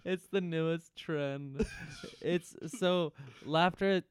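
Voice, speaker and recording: A man co-hosting a podcast in a casual comedic chat, spinning absurd bits with a deadpan manner. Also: a little high, takes it slowly, smooth, no echo, clean studio sound. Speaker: podcast co-host.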